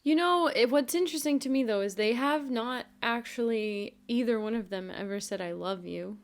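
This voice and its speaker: A woman's voice: a little high, normal speed. Thoughtful, hedging woman podcast co-host. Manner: thoughtful, hedging, many fillers. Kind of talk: casual chat recapping a TV episode.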